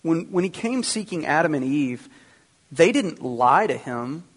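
A man's voice: on the high side, very animated, a little slow, husky. A man preaching a sermon, teaching earnestly and speaking directly to the congregation. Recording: long reverb of a hall.

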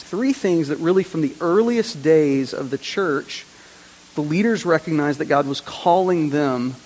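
A man's voice: fairly high pitch, a little mellow. Earnest preaching man in a reverberant church. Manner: earnest preaching with repeated phrases and rhetorical questions. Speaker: pastor. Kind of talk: sermon. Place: church sanctuary. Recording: long reverb, faint hiss.

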